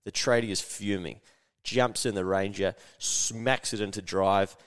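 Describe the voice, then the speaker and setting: A man with a New Zealand accent hosting a podcast, telling a story in a slangy, animated way and swearing casually. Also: lowish voice, measured pace, clear, resonant tone, long reverb tail. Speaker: podcast host.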